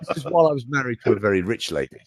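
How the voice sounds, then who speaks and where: A man's voice: medium pitch, sing-song, racing, dry recording, studio quality. A middle-aged British man, a voice coach, chatting in a jokey, show-off way. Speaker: voice coach and speaker. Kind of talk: casual live chat.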